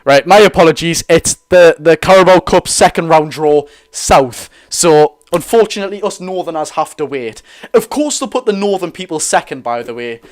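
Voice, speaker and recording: A young Geordie man of eighteen hosts a live football watch-along from a room in his dad's house. His voice sits a little high, and he talks in an excitable, rambling way, apologising every few seconds. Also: moderate pace. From North East England. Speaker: football fan streamer.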